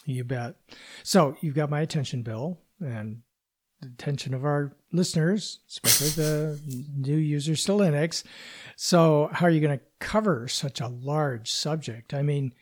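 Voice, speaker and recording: A man's voice: fairly high pitch, a little slow, a little mellow. A man hosting a podcast, explaining terms step by step in a casual, conversational way. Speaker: podcast host.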